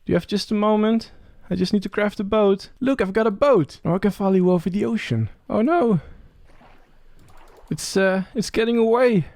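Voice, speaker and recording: A man's voice: high-pitched, normal speed, no room sound. A young man, chatting as he plays a game and talking to the creatures on screen. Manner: chatty, talks to game creatures, excited rising questions. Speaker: Let's Play creator. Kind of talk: casual gameplay commentary.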